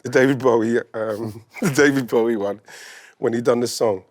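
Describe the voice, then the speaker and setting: A man's voice: medium pitch, moderate pace, dry recording. A man co-hosting a casual chat, cutting in with short questions. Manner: interjecting questions, short back-channel replies. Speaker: podcast co-host.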